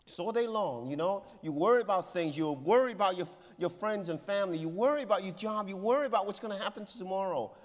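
A male pastor preaching a sermon with earnest emphasis, dropping to hushed tones and rising again. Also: quick pace, few pauses. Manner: earnest, swings between loud emphasis and hushed low tones. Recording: long hall reverb.

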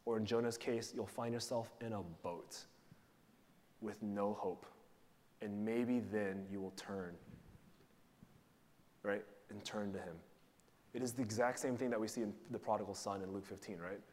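A man's voice: on the low side, fairly even intonation, normal speed, pauses often, darkish tone. A man giving a sermon as pastor, preaching in a conversational way and putting questions to the congregation. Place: church sanctuary. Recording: long reverb of a large hall.

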